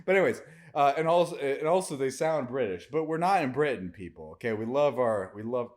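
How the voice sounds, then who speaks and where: A man's voice: medium pitch, expressive, fairly quick. A man co-hosting an improvised comedy podcast, rambling and stammering, swearing casually. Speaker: podcast co-host.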